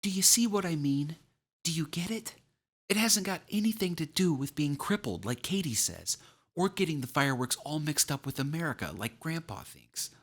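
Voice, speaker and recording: An anxious, earnest young boy from an audiobook, as a male narrator puts him on, pitched up high and pleading. His words tumble out unevenly, some rushed and some dragged. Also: expressive. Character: anxious ten-year-old boy in wheelchair.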